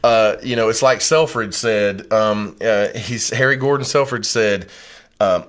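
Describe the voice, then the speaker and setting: A man's voice: on the low side, measured pace. Laid-back swearing male podcast host. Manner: relaxed, profane storytelling with lots of fillers. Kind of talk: casual podcast chat.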